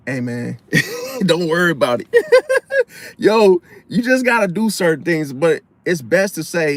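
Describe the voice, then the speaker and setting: A man giving casual advice in a slangy, animated way, often acting out loud high-pitched interruptions. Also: normal speed. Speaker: astrology commentator.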